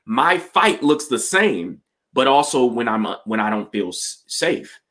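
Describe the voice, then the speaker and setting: Man, podcast host, mid-pitched voice, enthusiastic, emphatic, folksy. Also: sing-song, a little slow, a bit bright. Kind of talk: conversational podcast interview.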